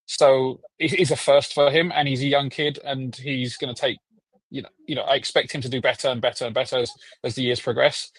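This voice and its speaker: A man's voice: medium pitch, steady tone, fairly quick, husky, no room sound, low-quality recording. A man who is a guest on a casual football podcast, speaking hesitantly with many fillers and restarts.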